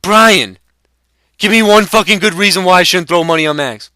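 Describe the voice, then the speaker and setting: A man's voice: sits high, moderate pace, pushed and bright, clean tone, no echo, studio quality, voice pushed up. A young man voicing a brash, profane sports bettor who trades crude insults. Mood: heated. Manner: crude insulting trash talk.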